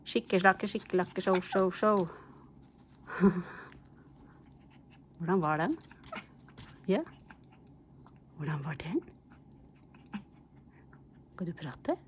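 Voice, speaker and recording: A woman's voice: mid-range voice, lively intonation, slow pace, long pauses, slight background noise. A middle-aged Norwegian woman with a Norwegian accent, hosting a pet channel and chatting casually with her dogs and viewers, praising and coaxing them with frequent laughs.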